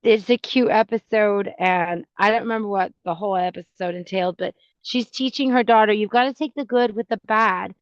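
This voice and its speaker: A woman, a podcast host, talking casually in a chatty, animated way with many fillers and restarts. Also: mid-range voice, fairly quick, hardly any pauses, no room sound. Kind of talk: casual monologue. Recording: dull lo-fi sound.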